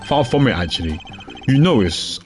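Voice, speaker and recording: A man voicing a composed, precise male prosecutor in a game, with a measured, dry delivery. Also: mid-range voice, big pitch swings, faint music behind, close to an everyday voice.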